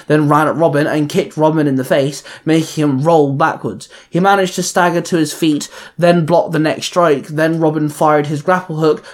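A man narrating a superhero fan fiction story in a plain storytelling manner. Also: a little high. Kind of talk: reading fan fiction aloud.

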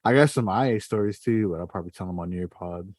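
A man's voice: sits low, fast talker. A man hosting a podcast, telling a story casually with lots of fillers and swearing. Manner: animated, swears often, heavy fillers. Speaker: podcast host.

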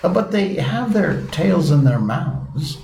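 Man reading as a high, slow, sulky mock turtle; roomy room. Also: big pitch swings, vocal fry, darkish tone, full character voice. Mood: mournful. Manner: slow, mournful, easily offended. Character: melancholy, touchy male mock turtle. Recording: roomy with faint hiss.

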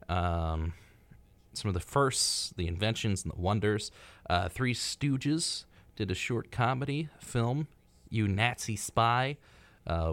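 A man's voice: sits low, no room sound. A young man co-hosting a college radio show, chatting casually with plenty of fillers. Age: young adult. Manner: relaxed, lively, chatty with fillers. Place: radio studio. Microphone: studio microphone.

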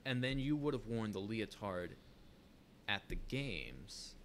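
Podcast co-host, male, lowish bright voice, opinionated casual talker, faint background hiss. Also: lively intonation, slow pace. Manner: chatty, opinionated, many fillers and restarts. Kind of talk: casual chat, reading news aloud.

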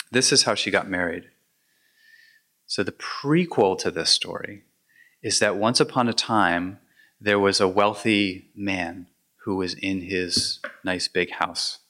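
Meditation teacher, male, low voice but forceful tone, reflective storyteller. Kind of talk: dharma talk.

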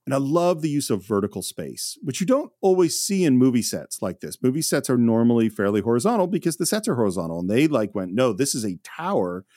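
A man's voice: medium pitch, sing-song, fast talker, few pauses, mellow, no echo, studio quality. A man hosting a podcast, chatting enthusiastically as he recaps an old film. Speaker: podcast host. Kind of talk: casual film discussion.

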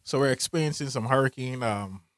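A man's voice: mid-range voice, a little fast, no echo, studio quality. A man co-hosting a casual podcast chat, laid-back and teasing. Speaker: podcast co-host.

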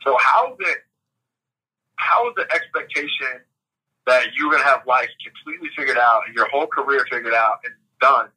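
A man with a sharp, bright tone and a husky edge, speaking as a podcast guest. He coaches in a reflective, conversational way and peppers his points with "like" and "right?". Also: medium pitch, expressive, moderate pace, poor audio. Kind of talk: motivational interview talk.

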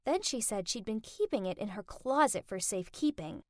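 A woman narrates a first-person story in a dramatic, gushing style. Her fairly high voice has lively intonation, a moderate pace and a slightly mellow tone, recorded cleanly in a studio with no room sound.

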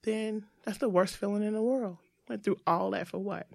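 A woman's voice: medium pitch, moderate pace, creaky, no echo, studio quality. A woman guest from the United States, talking in a casual interview in an earnest, reflective way.

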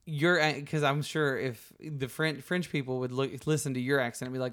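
A man's voice: medium pitch, steady tone, moderate pace, fairly bright tone, clean tone. A man in his thirties with a Southern American accent, chatting casually, encouraging and often laughing. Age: 30s. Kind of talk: casual conversation.

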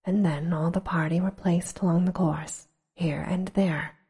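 A woman reading a storybook aloud in a hushed, slow whisper, as whispered role-play. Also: on the low side, steady tone, breathy edge. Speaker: storybook reader.

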